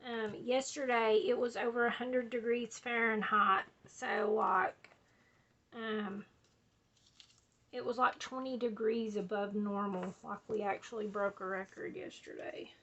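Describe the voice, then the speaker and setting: Chatty woman crafting host, slow and rambling, bright tone, slightly higher pitch. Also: level tone, muffled recording. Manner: chatty, drawling, says y'all and like a lot. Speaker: scrapbooking video host. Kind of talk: rambling casual chat while crafting.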